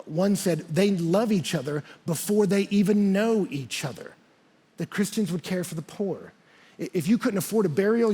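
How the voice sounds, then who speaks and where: A man's voice: on the high side, dark tone, slightly rough. A man pastor preaching a sermon, telling stories animatedly and acting out the quotes.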